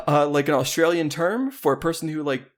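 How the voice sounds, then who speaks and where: A man's voice: on the high side, moderate pace. A man co-hosting a podcast in playful, rambling casual chat, often laughing. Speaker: podcast co-host.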